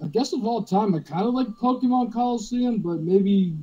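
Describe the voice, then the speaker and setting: A man's voice: sits high, normal speed, warm tone, muffled recording. A young man joking around in a casual group podcast chat. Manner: jokey, playful.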